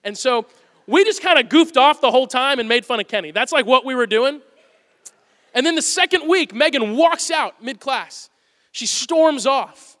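A man's voice: very high voice, expressive, normal speed, a bit bright, big-room sound. A man in his thirties preaching a sermon to a congregation, telling stories about himself with humor. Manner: storytelling, self-deprecating humor with the congregation. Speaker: pastor.

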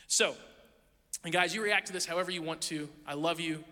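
A man's voice: fairly high pitch, brisk, bright, forceful tone. A middle-aged man, a pastor, giving a conversational sermon with candid, self-deprecating stories, recorded in a church sanctuary. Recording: long reverb of a large hall.

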